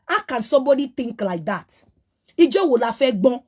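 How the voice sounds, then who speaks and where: A woman's voice: on the high side, big pitch swings, normal speed, darkish tone, breathy edge. A woman with a Yoruba Nigerian accent hosting an opinionated monologue, lecturing with repeated rhetorical questions and switching between Yoruba and English. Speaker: host.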